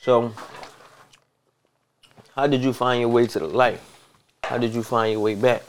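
A man's voice: medium pitch, fairly even intonation, unhurried, slight background noise. A man hosting a casual chat over a meal, laid-back and drawling. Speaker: podcast host.

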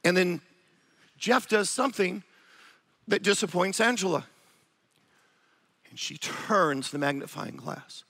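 Man, pastor, sermon, animated, high bright voice. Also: takes it slowly, gravelly, pauses often. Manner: animated, acts out quoted voices of spouses.

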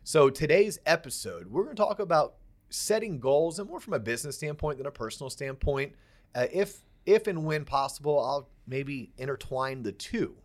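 Upbeat chatty man with a higher voice. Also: expressive, normal speed. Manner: enthusiastic, chatty storyteller. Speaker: podcast co-host. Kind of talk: casual podcast chat.

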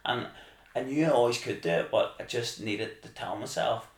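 A man telling a rambling, animated story as a podcast guest. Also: mid-range voice, moderate pace. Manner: animated, rambling, acts out his own excited shouting. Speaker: podcast guest, marathon runner. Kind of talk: casual storytelling. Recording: echoey room.

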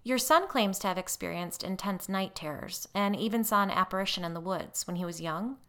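A woman's voice: mid-range voice, fairly quick, a bit bright, lightly acted. A woman voicing a composed, firm church woman investigating a haunting, in a story reading.

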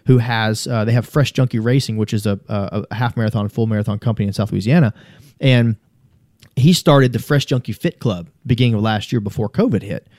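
Dark-voiced, cursing man telling stories. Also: medium pitch, dry recording, studio quality. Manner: swears freely, rambling and earnest. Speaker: podcast guest. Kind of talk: casual conversational storytelling.

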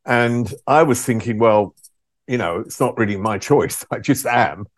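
A man's voice: medium pitch, measured pace, no room sound. Older male guest, candid storyteller, self-deprecating, dry close sound. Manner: frank, self-deprecating, laughs at his own stories. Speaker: former music TV presenter, guest.

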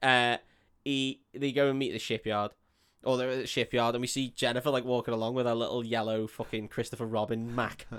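A man's voice: mid-range voice, little pitch movement, a little fast, fairly bright tone, clean tone. Sweary man retelling a film for laughs. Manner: sweary, retells scenes in put-on voices. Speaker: podcast co-host. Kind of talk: casual comedic chat.

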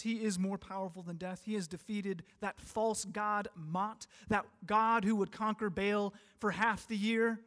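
Man, pastor, sermon, high voice, earnest, emphatic swells, long reverb in a church hall. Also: a little slow. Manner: earnest, swelling to emphatic peaks then dropping soft.

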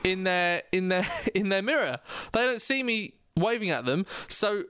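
Guy, young, telling a funny story, high bright voice, dry close sound. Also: normal speed, clean tone, no echo. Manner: animated, laughing, acts out quotes in loud voices. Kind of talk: casual storytelling chat.

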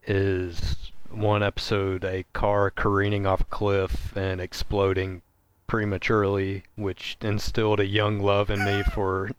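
Slow, hesitant low-voiced man. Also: completely flat delivery, slight background noise. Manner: slow, hesitant, trailing off softly. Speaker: podcast co-host. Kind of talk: casual chat.

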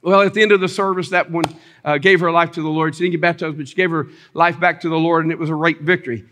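Man, preacher, high voice, animated sermon storytelling, loud exclamations. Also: quick pace, a little hiss or hum. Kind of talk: sermon testimony.

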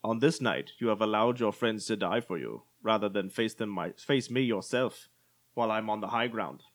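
A man doing an impression of a famous actor as a mock dark lord, reading a villain speech with sci-fi jokes mixed in. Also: fairly low pitch, moderate pace, voice pushed down, lightly acted. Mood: mock-menacing. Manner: mixing sci-fi lines into a villain speech, playful.

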